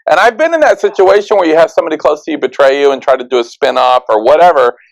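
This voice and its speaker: A man's voice: fairly high pitch, expressive, fast talker, low-quality recording. A man hosting an interview, asking questions and reflecting on his own experiences. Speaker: host. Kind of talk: conversational interview.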